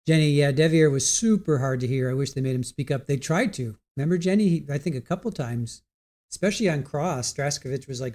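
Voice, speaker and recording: A man hosting a live stream chats loosely with his viewers. He talks straight to the chat, trails off, and starts his sentences over. His voice is mellow and rather dark, at an ordinary male pitch. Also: fairly quick. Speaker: livestream host. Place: home setup at a computer.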